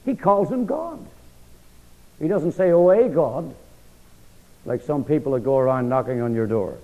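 A man preaching a sermon with emphatic delivery, rhetorical questions and sweeping swings in pitch, recorded in a church hall. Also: animated, moderate pace. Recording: dull lo-fi sound with long hall reverb.

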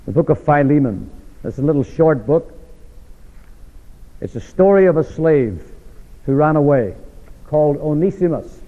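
A man's voice: fairly high pitch, lively intonation, normal speed, long pauses. Man preaching in an echoey hall. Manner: asks the congregation rhetorical questions, swings from loud to hushed. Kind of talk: sermon. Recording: echoey hall over a tinny, phone-like line.

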